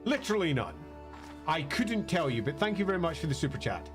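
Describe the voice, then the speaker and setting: A man's voice: a little high, big pitch swings, a little fast. A man casually commenting on a game live stream, chatty and self-mocking. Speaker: streamer playing a video game. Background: faint game music.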